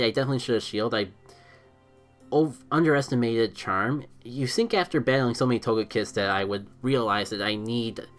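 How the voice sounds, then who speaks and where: A man streaming a mobile game, giving live commentary as he thinks out loud about his moves and is quick to blame himself. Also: medium pitch. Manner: excitable, thinks aloud, self-critical.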